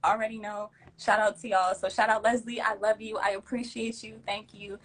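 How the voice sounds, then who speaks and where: A young woman hosting a casual livestream, giving emphatic, slangy shout-outs and thanks to her viewers. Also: medium pitch, level tone, moderate pace, rough recording. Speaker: livestream host.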